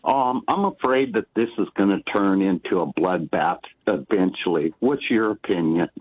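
A man phoning in to a talk show, his voice low and set on a dull, dry line. He speaks haltingly, filling his pauses with ums as he tells his story. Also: dry recording. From Washington State, US. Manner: hesitant, many ums and uhs. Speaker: caller. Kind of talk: calling in to a radio show. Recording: dry, muffled phone line.

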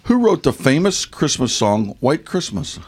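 A man's voice: mid-range voice, sing-song, measured pace. A man with a Northern US accent reading out Christmas trivia questions in a casual, jokey way, laughing often and stumbling over his wording. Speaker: quiz host.

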